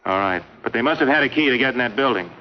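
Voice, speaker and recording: A man playing a pushy, fast-talking insurance investigator. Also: mid-range voice, animated, slight background noise, close to an everyday voice. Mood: accusing. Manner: pushy, needling interrogation. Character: hard-nosed male insurance investigator, accusing. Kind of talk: 1950s radio drama acting. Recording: dull lo-fi 1950s recording.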